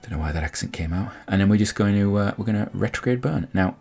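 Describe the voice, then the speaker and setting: A man's voice: on the low side, fast, gravelly, darkish tone, breathy edge. A man giving casual, rambling commentary on a space game, explaining each step as he goes. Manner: rambling, explanatory, frequent restarts. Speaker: gameplay commentator.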